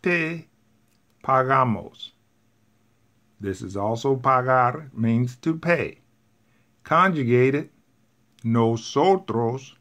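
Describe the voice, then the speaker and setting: Male Spanish teacher, mid pitch, very slow, patient and repetitive with his class. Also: a bit bright. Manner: patient, repeats each point step by step. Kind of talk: classroom grammar explanation.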